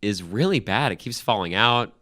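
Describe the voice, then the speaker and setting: A man's voice: lowish voice, lively intonation, moderate pace, sharp tone. A man co-hosting a comedy podcast, crude and playful, joking around in casual movie chat. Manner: crude, playful, jokes in silly put-on voices. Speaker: podcast co-host.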